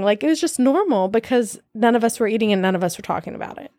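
A woman's voice: on the high side, expressive, fast, darkish tone, no room sound, clean studio sound. A young woman in her twenties talking candidly in a casual podcast chat, laughing often and using many fillers.

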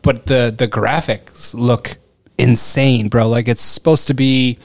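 A man's voice: mid-range voice, steady tone, takes it slowly, no echo. A man co-hosting a casual podcast chat, laid-back, profane and fond of saying "bro". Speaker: podcast co-host.

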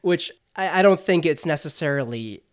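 A man's voice: on the high side, lively intonation, normal speed. A man co-hosting a casual fan discussion podcast, speaking enthusiastically with frequent hedging fillers. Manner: enthusiastic, many "kind of" hedges. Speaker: podcast co-host.

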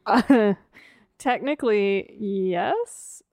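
A woman's voice: mid-range voice, animated, very slow, darkish tone, no room sound, studio quality. A woman co-hosting a casual true-crime podcast, telling stories with fillers and restarts. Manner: storytelling with fillers and restarts, laughing easily. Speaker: podcast co-host.

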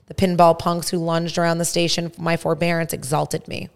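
A woman hosting a podcast reads a first-person story aloud at a measured pace. Her voice is low, with a gravelly fry running through it. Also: level tone. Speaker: podcast host. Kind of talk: story reading.

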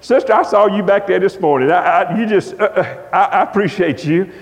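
A man preaching a revival sermon, telling stories in a folksy, emphatic, drawn-out cadence. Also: sits high. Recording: long reverb of a church hall.

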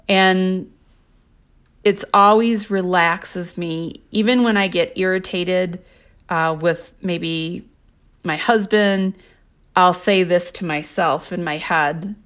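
A woman hosting a spiritual podcast, speaking in a calm, gentle and measured way as she reads from her own book. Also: mid-range voice. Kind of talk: slow reflective spiritual talk.

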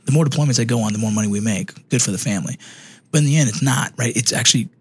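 A man's voice: medium pitch, very fast, husky, no room sound. A man in his thirties, a military veteran, telling blunt, profane stories in casual chat. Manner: profane, blunt, emphatic storytelling. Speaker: veteran podcast guest.

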